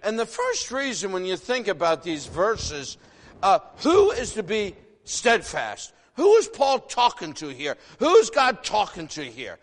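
A man in his sixties, originally from the northern United States, preaching a sermon in an animated, folksy way, full of rhetorical questions. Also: high-pitched, a little slow. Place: church sanctuary. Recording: long reverb of a large hall.

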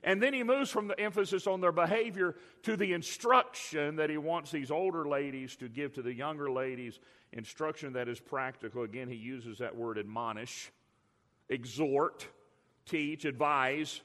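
A middle-aged man preaching a sermon, telling stories with emphatic swings between loud and quiet. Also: on the high side, moderate pace. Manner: animated storytelling, emphatic swings in loudness. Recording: long reverb of a large hall.

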